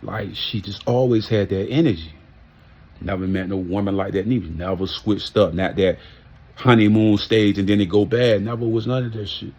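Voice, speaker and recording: A man's voice: on the low side, fairly even intonation, moderate pace, darkish tone. A man telling a casual, heartfelt story, emphatic and full of street slang and profanity. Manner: heartfelt and reminiscing. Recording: muffled lo-fi audio.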